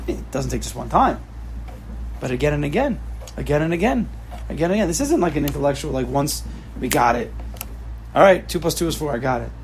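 Man, teacher, informal lecture, emphatic, repeats phrases, raspy fry, somewhat high voice. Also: expressive, fairly quick, long pauses, a little hiss or hum. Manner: emphatic, repeats key phrases, mixes in Hebrew and Yiddish terms. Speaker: teacher giving a class. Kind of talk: informal lecture with questions to students.

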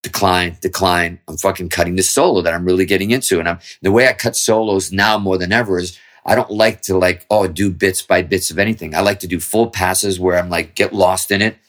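Fast-talking low-voiced man telling stories. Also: fairly even intonation, a bit bright. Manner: rambling, profane, with frequent restarts. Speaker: guest musician. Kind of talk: casual storytelling interview.

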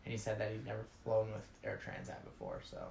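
A man's voice: on the low side, wildly swooping pitch, fast talker, vocal fry, darkish tone, slight background noise. A man co-hosting a podcast, telling travel stories in casual chat and laughing as he goes. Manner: storytelling, laughs when amused. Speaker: podcast co-host. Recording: echoey room.

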